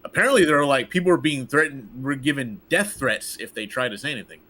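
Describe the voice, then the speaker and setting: Male podcast host, casual chat, bright tone, profane, animated. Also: mid-range voice, fast talker. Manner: profane, animated, acts out quotes.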